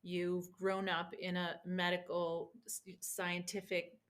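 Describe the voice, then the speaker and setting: Midwestern woman in lively chat. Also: fairly low pitch, slow. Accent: Midwestern American. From Argentina, raised in Illinois from age twelve. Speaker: interviewee, Spanish teacher. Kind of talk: casual conversation.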